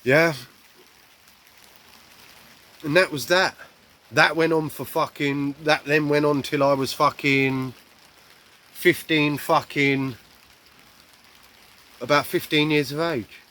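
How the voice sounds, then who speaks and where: A man telling a raw personal story bluntly, swearing heavily and acting out shouts and quoted lines. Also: fairly high pitch, fairly even intonation, takes it slowly, pauses often.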